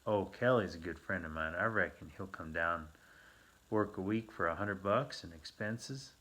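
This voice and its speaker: A man's voice: low-pitched, moderate pace, sharp tone. A man doing a whiny frontier mill man. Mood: grumbling. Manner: whiny drawl with rough frontier slang.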